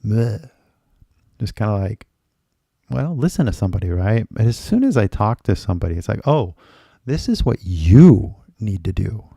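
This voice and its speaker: Gravelly low-voiced man teaching casually. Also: dark tone, no echo, studio quality. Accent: American. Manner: loose and chatty, mixes Japanese into his English; filler-heavy, lots of "like" and "right?". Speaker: English teacher. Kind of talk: casual live-stream lesson.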